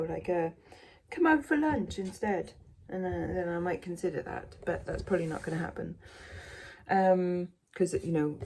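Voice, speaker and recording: Gravelly, husky woman chatting to camera. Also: fairly low pitch, mellow. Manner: chatty, self-mocking, rambling with many fillers. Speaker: vlogger. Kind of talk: casual chat to camera. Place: at home.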